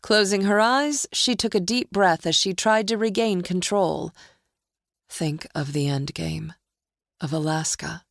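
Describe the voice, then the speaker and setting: A woman narrating a psychological thriller audiobook in a measured, deliberate way. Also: lowish voice, creaky, dry recording, clean studio sound.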